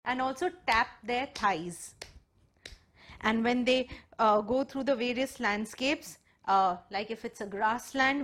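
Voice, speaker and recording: A woman's voice: on the high side, a little slow, a bit bright. A woman storyteller on a panel, explaining audience participation and chanting rhythmic sound words to show how it works.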